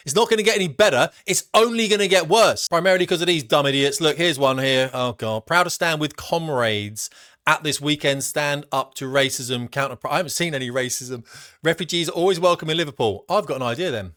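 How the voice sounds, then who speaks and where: A man's voice: a little high, pushed and bright, dry recording, studio quality. A middle-aged man from Britain giving blunt, emphatic, slangy commentary as a vlogger. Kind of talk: opinionated commentary.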